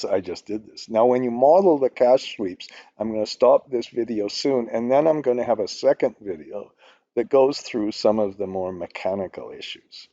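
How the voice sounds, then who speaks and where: A man's voice: mid-range voice, mellow, no echo, highs cut off. An older man teaching a spreadsheet tutorial, rambling and ranting, with swearing when annoyed. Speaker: instructor. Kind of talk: screen-recorded spreadsheet tutorial.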